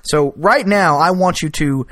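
A man co-hosting a casual TV recap chat, arguing in a teasing, mock-formal, deliberate way. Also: on the high side, a bit bright, no echo, clean studio sound. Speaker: podcast co-host.

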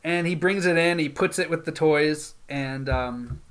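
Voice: medium pitch, measured pace. A podcast co-host in casual chat, retelling a TV episode and laughing often along the way.

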